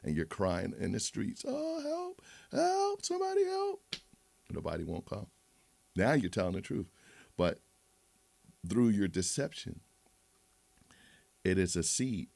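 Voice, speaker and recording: A man's voice: deep voice, creaky, a little mellow, no room sound. A man hosting a livestream, rambling and moralizing in a casual monologue with many restarts. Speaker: livestream host.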